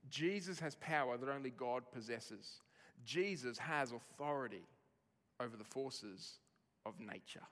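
Man preaching in a reverberant hall. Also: fairly high pitch. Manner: expressive preaching, dropping soft for tender lines and rising for emphasis. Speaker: pastor. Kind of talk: sermon.

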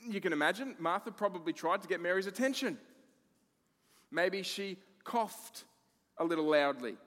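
A man preaching a sermon as pastor, expressive, moving between emphatic lines and hushed ones. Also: high voice, a little slow, in a large hall.

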